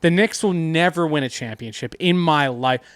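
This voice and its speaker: A man co-hosting a casual comedy podcast, ranting and swearing, swinging from low mumbles to loud outbursts. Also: moderate pace, clean tone, no room sound. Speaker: podcast co-host.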